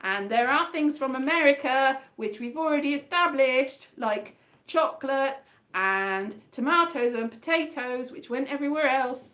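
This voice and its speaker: A woman hosts her own online fringe show, rambling in a chatty, meandering, self-mocking way and half singing her words over a guitar in a sing-song style. Her voice is high and fairly bright, at normal speed.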